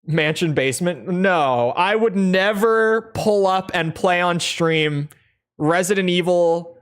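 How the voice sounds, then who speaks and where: A woman with a lowish, smooth voice speaks slowly while streaming a game. She chats casually, rambling and correcting herself as she goes.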